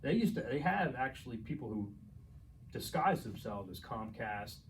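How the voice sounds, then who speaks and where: A man's voice: mid-range voice, big pitch swings, normal speed. Rambling New man, off-mic. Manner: rambling, profane, laughs while telling stories. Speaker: podcast co-host. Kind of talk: casual storytelling chat. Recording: distant mic, faint noise.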